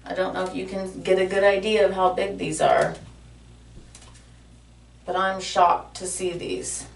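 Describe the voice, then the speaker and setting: A woman's voice: fairly low pitch, animated, unhurried, creaky, far from the mic. A woman talking to her viewers in a casual vlog from her bathroom, emotional and heartfelt. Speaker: vlogger. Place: home bathroom. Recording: echoey room, voice a bit off-mic.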